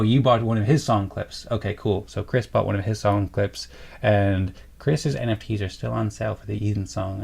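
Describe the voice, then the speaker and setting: A young man co-hosts a casual livestream in a low, gravelly voice. His delivery is flat and meandering, full of fillers and restarts as he reads chat comments and rambles on. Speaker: co-host of a livestream.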